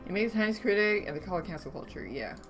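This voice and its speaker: A woman with a slightly low voice chats on a livestream, reading viewer messages aloud and tossing off dry, sarcastic replies. Soft music plays faintly behind her. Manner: reads chat aloud and reacts with dry sarcasm. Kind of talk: casual stream chat. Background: faint background music.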